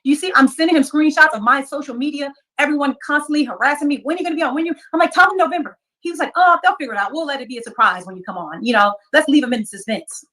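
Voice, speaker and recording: Female guest, fast casual storyteller, retelling conversations. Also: sits high, a bit bright. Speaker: podcast guest.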